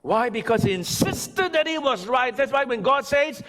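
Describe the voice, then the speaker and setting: A male pastor preaching a sermon, swinging from loud, high emphatic lines to quiet, pleading ones. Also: lively intonation, moderate pace. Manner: preaching with big swings from shouting to hushed pleading. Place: church sanctuary.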